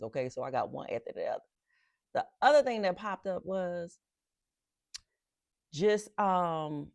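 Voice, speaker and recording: Gravelly-voiced woman sharing a faith reflection. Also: deep voice, dry recording. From Philadelphia. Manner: animated storytelling with emphatic repetitions. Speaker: podcast host.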